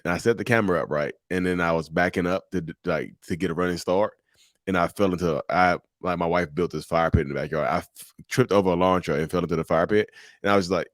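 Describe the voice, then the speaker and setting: Brief: a deep-voiced man hosting a live show, animated, chatty, jokes and laughs, dry close sound. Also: fast talker, dry recording. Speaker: show host. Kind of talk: casual live talk show chat.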